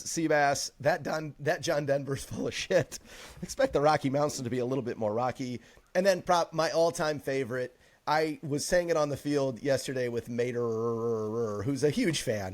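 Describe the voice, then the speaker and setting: A man co-hosting a podcast in casual chat, excited, laughing often and quoting movie lines with gusto. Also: mid-range voice. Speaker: podcast co-host.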